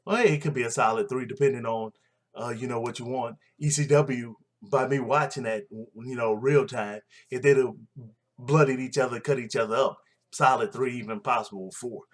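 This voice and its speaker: Casting: man, mid-pitched, opinionated recap vlogger, loose rambling delivery. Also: steady tone, moderate pace. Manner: blunt, opinionated, rambling with fillers. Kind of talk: casual show recap.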